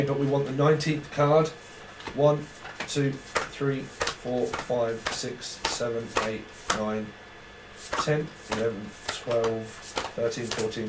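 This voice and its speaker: A man giving a casual, rambling, sweary tarot reading. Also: medium pitch. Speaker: tarot reader. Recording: roomy, distant mic, faint hiss.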